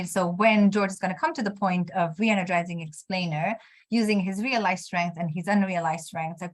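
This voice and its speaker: A woman leads a career coaching session. Her voice sits a little low, and she speaks encouragingly while searching for words, with plenty of fillers and restarts. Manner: encouraging, hesitant, many restarts.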